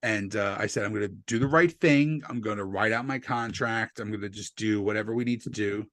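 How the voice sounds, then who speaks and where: A man's voice: fairly low pitch, brisk, dry recording, clean studio sound. A man from New Jersey, a stand-up comedian, telling stories in casual podcast talk, swearing and acting out what people said. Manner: profane, animated storyteller acting out quotes. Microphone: desk USB microphone.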